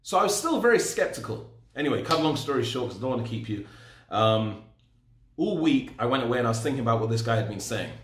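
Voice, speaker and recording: A man's voice: medium pitch, very animated, fast, a bit bright, a little hiss or hum. A man in his forties giving a personal testimony in a storytelling, self-deprecating way. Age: 40s. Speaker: speaker sharing his story. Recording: roomy echo.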